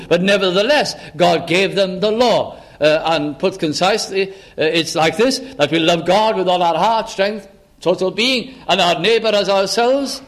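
A man preaching a sermon in church, earnest, slowing down and lifting his voice on the words he stresses. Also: high-pitched. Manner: earnest, slows down and rises for emphasis.

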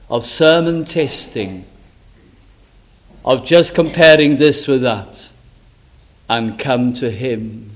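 A man preaching a revival sermon, swinging from loud exclaiming to hushed, solemn tones. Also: mid-range voice.

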